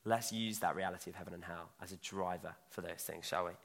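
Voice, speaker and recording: A man's voice: low-pitched, steady tone, quick pace, fairly bright tone. A young man preaching a sermon in a church, chatty and self-mocking as he talks. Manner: conversational, self-mocking asides. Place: church hall. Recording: long hall reverb.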